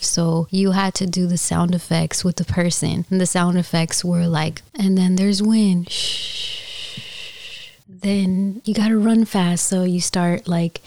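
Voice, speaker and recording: A young woman hosting a casual solo podcast from her bedroom, talking softly so her sleeping baby stays asleep, into a mic on a stand. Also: on the low side, vocal fry, no echo. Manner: soft, hushed talk so as not to wake her baby. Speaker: podcast host. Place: bedroom, window open to light rain. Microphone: mic on a stand with a mixer.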